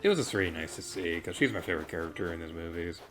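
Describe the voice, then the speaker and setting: Woman, very deep voice, casual game commentary, rambling, tangents, giggly asides. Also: very fast, fairly bright tone, soft background music. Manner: chatty, rambling, goes off on tangents. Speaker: let's play host.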